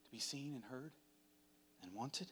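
A man preaching a sermon in a dramatic, chatty way, swinging from hushed to loud. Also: medium pitch, lively intonation, measured pace, husky. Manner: conversational, uses "like" often.

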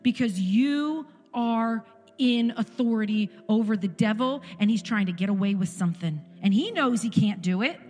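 A woman's voice: a little high, lively intonation, normal speed, a little mellow. A woman in her forties giving an emphatic sermon testimony in a church service, repeating phrases for effect. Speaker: guest speaker in a church service. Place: church sanctuary. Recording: echoey church hall with music.

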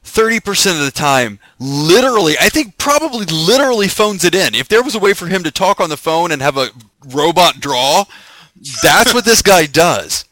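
Male podcast co-host: high, very expressive voice, laughs often, easygoing chat. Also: normal speed, dry recording, poor audio.

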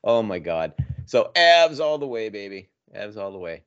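A man's voice: fairly low pitch, very animated, normal speed, fairly bright tone, smooth, dull audio. Easygoing man laughing through a chat. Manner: laughs easily, playful. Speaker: podcast co-host. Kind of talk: casual chat.

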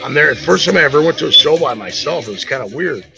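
A man's voice: fairly high pitch, quick pace, creaky, faint music behind. A man telling a rowdy story as a podcast co-host, swearing freely and acting out the voices of the people in it. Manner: profane, animated, acts out quoted voices. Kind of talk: casual storytelling.

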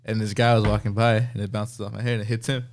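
A man's voice: on the low side, quick pace. A man co-hosting a podcast, telling stories in casual chat and laughing as he goes. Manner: lively, laughs through his stories. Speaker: podcast co-host.

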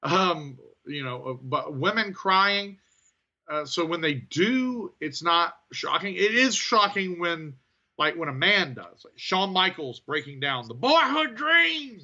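A man co-hosting a podcast, talking through his thoughts on wrestling in a thoughtful, hesitant way with many pauses. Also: a little high, animated, pushed and bright, highs cut off. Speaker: podcast co-host. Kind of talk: casual wrestling review chat.

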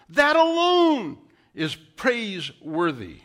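A man preaching a sermon, acting out scripture quotes in hushed whispers and raised calls. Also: high-pitched, very animated, normal speed. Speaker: pastor.

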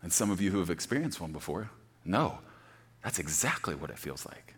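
A middle-aged man preaching a sermon, swinging between loud emphatic declarations and hushed near-whispers. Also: sits low, big pitch swings, brisk, husky. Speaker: pastor.

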